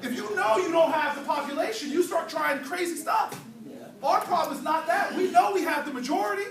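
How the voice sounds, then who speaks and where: A man's voice: extremely high pitch, a little fast. A man giving a rousing, preacherly speech with playful storytelling, trading call and response with a crowd in a church hall. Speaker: political speaker. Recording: echoey hall, distant mic, crowd.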